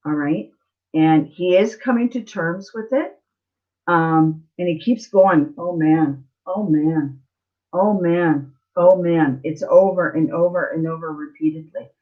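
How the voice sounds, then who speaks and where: A woman hosting a live-stream spiritual reading as a psychic, speaking tenderly and emotionally, halting and repeating herself with many fillers. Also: deep voice. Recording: slightly muffled lo-fi stream audio.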